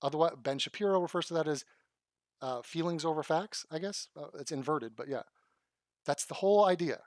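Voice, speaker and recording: Brief: male commentator, sarcastic and profane, slightly high voice, dry close sound. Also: fairly quick, a little mellow, no echo. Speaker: commentator reacting to video clips. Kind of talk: combative commentary.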